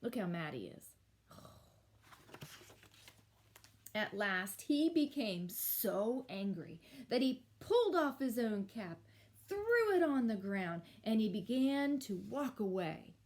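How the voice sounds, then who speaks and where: A woman teacher reading a picture book aloud to children, with expressive storytelling and little asides. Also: a little high, measured pace. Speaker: elementary school teacher.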